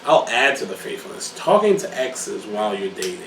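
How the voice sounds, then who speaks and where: A man's voice: on the low side, sing-song, brisk, a bit bright, far from the mic. A young man hosting a casual vlog chat, teasing and emphatic as he argues his points, laughing often. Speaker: vlog host. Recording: echoey room, mic set back, faint hiss.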